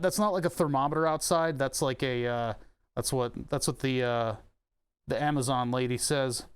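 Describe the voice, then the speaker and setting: This man's mid-range, smooth voice carries a casual livestream as he fixes a keyboard at home with the AC humming. He rambles, curses freely, and seems entertained by his own remarks.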